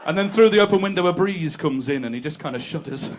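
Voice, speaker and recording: A man working a comedy club crowd with crude, chatty stand-up. His voice sits a little high for a man, and he talks to the audience directly. Faint room noise sits under the live recording. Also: lively intonation, fast talker. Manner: conversational, crude, teasing the crowd.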